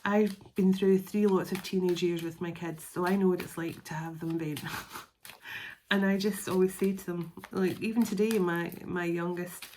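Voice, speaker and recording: A woman's voice: fairly low pitch, steady tone, normal speed, mellow, slight background noise. A middle-aged woman giving a casual, rambling spoken tarot reading. She laughs often and restarts her phrases. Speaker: tarot reader.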